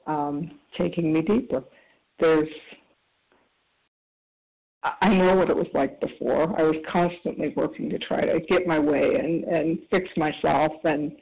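Gravelly woman on a tinny phone line. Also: low-pitched. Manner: soft, halting, with many pauses. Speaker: meeting member sharing. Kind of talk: recovery meeting share by phone. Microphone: phone call.

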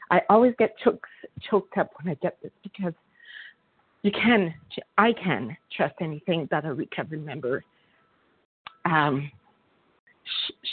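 Speaking on a phone call, a low-voiced woman from Montreal shares her recovery story at a meeting, and the line sounds tinny but has no echo. She's heartfelt, performing the voices of the characters in a story she recounts.

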